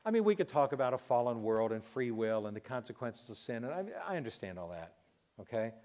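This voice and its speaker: A middle-aged man giving an emotional personal testimony, his voice breaking as he pauses and restarts. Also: mid-range voice, very animated, mellow. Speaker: Christian radio host telling a personal story.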